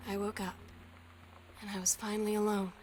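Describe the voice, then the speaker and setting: An actress voicing a wistful, heartbroken young woman reading her journal in a game, soft and sad. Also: medium pitch, level tone, brisk, slight background noise, close to an everyday voice. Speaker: game narrator reading diary entries. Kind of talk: voiced game journal narration. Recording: game audio with loud music behind.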